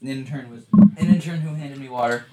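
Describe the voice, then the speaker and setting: A man's voice: medium pitch, very noisy. Rambling man co-hosting a casual chat. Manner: rambling, halting, full of fillers. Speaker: podcast co-host.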